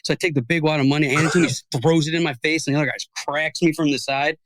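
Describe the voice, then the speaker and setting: A man's voice: on the high side, steady tone, rapid-fire, fairly bright tone, no room sound. A young man, a podcast host, telling a rambling story in casual chat and swearing freely.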